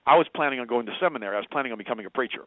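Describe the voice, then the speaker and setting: Casual: guy in his late 50s calling in, talks fast and rambles, sounds like a phone line. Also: mid-range voice, dry recording. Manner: rambling and candid, many restarts and asides. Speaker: radio show guest. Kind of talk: casual phone chat, long storytelling. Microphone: telephone. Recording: dry tinny phone line.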